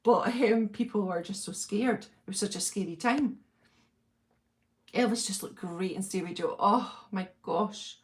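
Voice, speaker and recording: A woman's voice: mid-range voice, moderate pace. A middle-aged woman with a Welsh accent, hosting a casual chat and reading out viewer comments, gushing and laughing often. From Wales. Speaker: livestream host.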